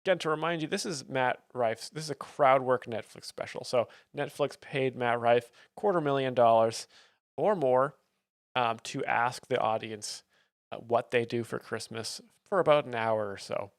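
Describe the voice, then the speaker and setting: A man giving deadpan, mock-serious commentary as a comedy stream host, with plenty of fillers. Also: mid-range voice, moderate pace, no room sound, studio quality.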